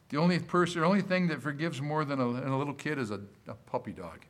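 A pastor preaching a sermon to his congregation, quoting scripture in a lively voice and putting questions to the room. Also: fairly high pitch, quick pace. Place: church service.

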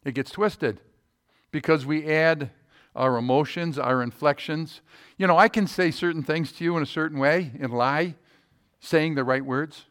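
Brief: male pastor, slightly raised pitch, folksy talk-to-the-pews sermon with loud stresses and hushed asides. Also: normal speed. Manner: folksy, asks the room rhetorical questions; swings between loud emphasis and quiet low asides. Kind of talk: conversational sermon.

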